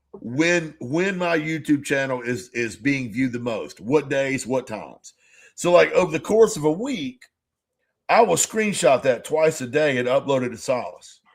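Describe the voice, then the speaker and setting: A man's voice: medium pitch, lively intonation, measured pace. A man co-hosting a casual podcast chat, rambling through stories, acting out both sides of conversations and swearing freely. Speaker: podcast co-host.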